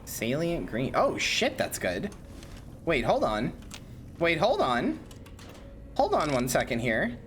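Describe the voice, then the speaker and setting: A young woman streamer giving joking, animated gameplay commentary and bantering with her chat. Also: sits low, slow, long pauses, a little hiss or hum.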